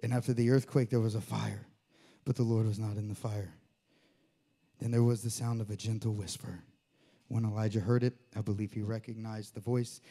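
A man's voice: on the low side, flat delivery, brisk, warm tone. A man preaching a sermon to his church, reading scripture and joking with the congregation. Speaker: pastor.

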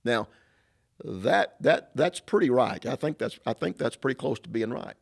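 A man's voice: mid-range voice, lively intonation, normal speed, gravelly, husky. A middle-aged man, a pastor, giving a sermon-style talk, emphatic and repetitive, full of rhetorical questions.

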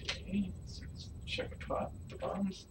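A man playing a video game, chatting casually in a low-key way and mumbling to himself as he plays. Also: flat delivery, measured pace, gravelly. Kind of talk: casual chat while playing. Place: home living room. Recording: distant room mic with background noise.

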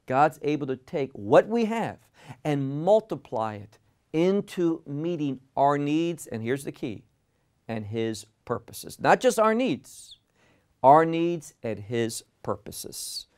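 A man teaching verse by verse through a Bible passage, deliberate and emphatic, often repeating words for stress. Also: a little high, expressive, darkish tone, clear, resonant tone.

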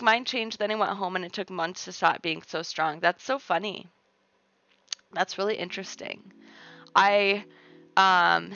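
A chatty American woman streaming live, her medium-pitched voice wandering through thoughts with plenty of "like" and "um" as she answers her chat. The audio is dull and lo-fi, with faint music playing underneath. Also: vocal fry, bright, forceful tone. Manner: chatty and rambling, heavy with "like" and "um". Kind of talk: casual live-stream chat, reading chat aloud. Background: faint background music.

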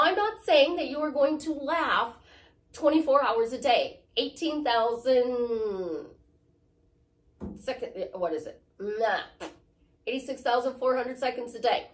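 A woman life coach giving a chatty, motivational talk, repeating her points and joking about herself. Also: on the high side. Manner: chatty, repetitive, self-deprecating. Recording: voice from a distant mic.

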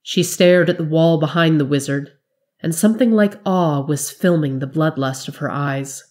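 A woman with a low voice reads a fantasy story aloud in a measured, dramatic manner. She tells it steadily, as a narrator of fiction. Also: a little mellow.

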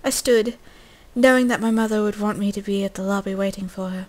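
A woman's voice: medium pitch, steady tone, a little fast, darkish tone, poor audio. Young woman casually reading a story game. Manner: casual, swears and jokes, coughs between lines.

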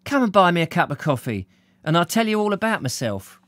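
A man's voice: fairly high pitch, sing-song, moderate pace, a bit bright, no room sound, voice pushed up. A man doing a coaxing blonde. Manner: pleading, cockney working-class speech. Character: brash young London blonde woman, coaxing.

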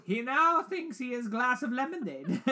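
A man's voice: very high voice, big pitch swings, unhurried, sharp tone, pitched above the performer's own voice, heavily acted. A man putting on a pompous mock-European lady scientist. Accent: put-on vague European. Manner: wordy, broken grammar, theatrical. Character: eccentric female scientist, pompous, mangled English.

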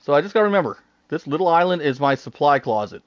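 A man giving live commentary while he plays a game, excitable, talking to himself and laughing often. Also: a little high, fast, no echo. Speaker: gaming streamer.

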